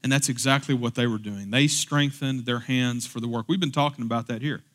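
Man, pastor, church sermon, mid-pitched voice, casual then emphatic, in a church. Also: steady tone, brisk, fairly bright tone. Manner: conversational, building to emphatic peaks.

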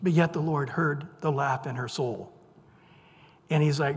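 A man's voice: a little high, measured pace. A man preaching a sermon in a conversational, playful storytelling way, acting out the voices of the people he quotes. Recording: long hall reverb.

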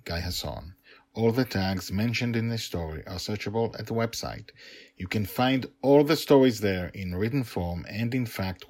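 A man's voice: on the low side, darkish tone, no echo. A man who writes and reads his own storybook podcast, talking with eager, rambling enthusiasm. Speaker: podcast author and reader. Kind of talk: storybook narration.

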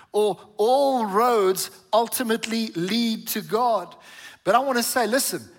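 A high-pitched man delivers a sermon in a slow, deliberate cadence, rising to forceful emphatic peaks and asking the congregation to respond. His voice rings with a long church-hall reverb. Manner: emphatic preaching, asks congregation to repeat. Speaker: pastor.

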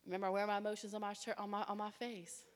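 A woman preaching a sermon, telling her own story with animated delivery and acting out other people's voices. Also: mid-range voice, very fast. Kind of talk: sermon with personal testimony. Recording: long reverb of a large hall.

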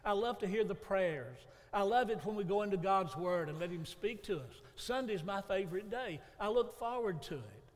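A preacher speaks in a bright, high voice, spinning homespun stories from the pulpit. His sermon rings through a church sanctuary with a long reverb trailing each phrase. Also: expressive, normal speed, hardly any pauses. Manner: folksy storytelling preacher. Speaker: pastor.

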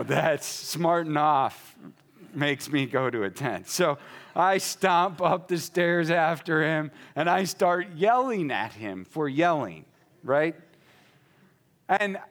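A man's voice: on the high side, animated, slow pace, fairly bright tone. A pastor telling a story about his son in a conversational sermon, acting out the dialogue between them.

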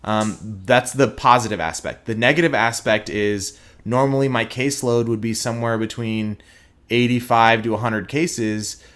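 A young adult man from Texas, speaking as an interview guest in an earnest, reflective way with frequent pauses and fillers. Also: mid-range voice, steady tone, fairly bright tone. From Houston, Texas. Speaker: guest, prosecutor.

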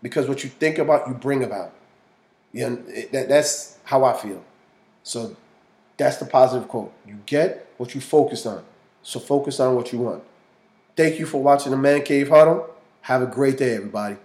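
A man hosting a casual solo podcast, talking to his listeners in a relaxed, conversational way. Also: medium pitch, moderate pace, echoey room. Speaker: podcast host.

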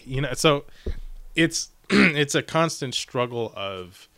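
A middle-aged man co-hosting a podcast, telling a rambling, animated story in casual chat. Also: medium pitch, slow, no room sound. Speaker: podcast co-host.

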